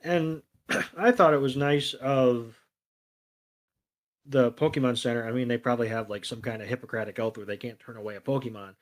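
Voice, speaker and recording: A man's voice: medium pitch, normal speed. Laid-back man recapping with filler words. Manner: relaxed storytelling, quotes characters in a plain voice, frequent fillers. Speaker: podcast co-host. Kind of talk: casual episode recap chat.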